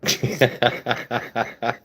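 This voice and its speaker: A man's voice: very slow, fairly bright tone, slight background noise. A man hosting a casual livestream, playfully talking to his pet and his chat viewers. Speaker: livestream host.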